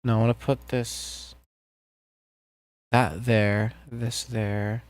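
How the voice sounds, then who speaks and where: A man's voice: mid-range voice, very slow, dry recording. A man making music on a live stream, chatting casually with viewers and joking as he works. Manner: relaxed, jokey, talks to chat while working.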